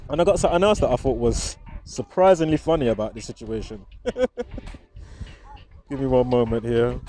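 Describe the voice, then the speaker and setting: A man's voice: medium pitch, fast, dark tone. A man vlogging outdoors in a park, in casual commentary to viewers, chuckling often and chatty, with frequent restarts.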